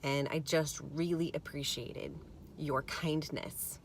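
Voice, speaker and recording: A middle-aged woman vlogging, telling a story in a gravelly, tired voice and mimicking the people she quotes. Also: sits low, slow, a little hiss or hum. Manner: animated, mimics others in quotes. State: gravelly from little sleep. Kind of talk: casual storytelling to camera.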